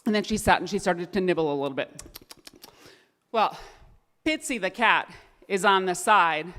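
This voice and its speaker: A woman narrating a children's story at a family service, lively and animated. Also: lowish voice, moderate pace. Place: synagogue sanctuary. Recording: echoey hall with long reverb.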